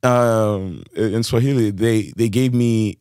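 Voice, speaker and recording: Young man from Kenya hosting a podcast, low voice, dry close sound, thoughtful and halting, quick to laugh. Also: a little mellow, smooth, dry recording. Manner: reflective, hesitant, many fillers and restarts, laughing easily. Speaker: podcast host. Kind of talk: casual podcast conversation.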